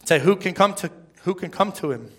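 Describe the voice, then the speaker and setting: Middle-aged guy preaching in church, casual and joking at himself, bright tone. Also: sits high, expressive, brisk, husky. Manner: conversational, self-deprecating, asks the crowd "right?". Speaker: pastor. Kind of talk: sermon. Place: church service before a congregation.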